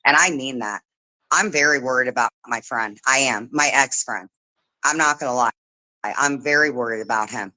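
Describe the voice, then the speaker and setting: A woman hosting a casual livestream chat, telling animated stories, swearing freely and mimicking the people she talks about. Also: very deep voice, normal speed, dry recording, poor audio. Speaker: livestream host.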